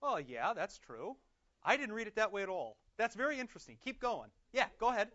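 A male pastor leads a Bible class with a high, lively voice. He keeps putting questions to the group and answering them himself. He slows down for readings, and the recording sounds dull and lo-fi. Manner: slows down to read prayers aloud.

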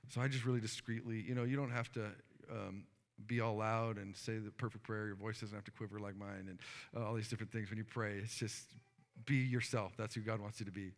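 A man's voice: on the low side, fast, creaky, in a large hall. A man, a pastor, preaching a sermon and telling a story earnestly, with many fillers.

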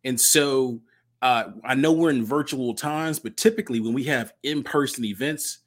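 Man, podcast host, motivational, upbeat, repeats phrases for emphasis, mid-pitched voice. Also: moderate pace. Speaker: podcast host and nonprofit founder. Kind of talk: solo podcast monologue.

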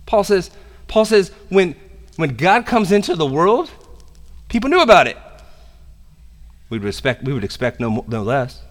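A man preaches a sermon in a lively, conversational way, dropping into casual slang. His voice sits a little high for a man. The sound carries the long reverb of a church hall. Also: normal speed, long pauses. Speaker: pastor. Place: church sanctuary.

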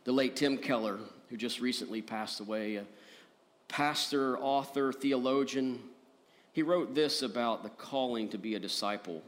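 A man preaching a sermon as pastor, earnest, rising to emphatic peaks and dropping soft. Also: mid-range voice, normal speed.

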